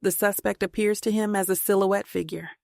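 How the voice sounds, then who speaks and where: Gravelly woman reading a thriller. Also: mid-range voice, fairly even intonation, a little fast, darkish tone, no room sound, clean studio sound. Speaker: audiobook narrator. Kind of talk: scripted thriller narration.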